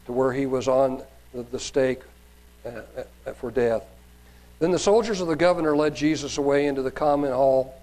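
A man preacher reads Bible passages aloud and adds sermon comments, raising his voice for quoted cries, with some fillers and restarts. His voice is fairly high in pitch with a darkish tone, in a rough recording.

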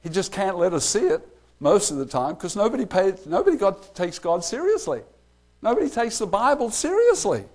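Animated man teaching a Bible study. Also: high-pitched, normal speed. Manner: animated, chatty, laughs often, acts out quotes.

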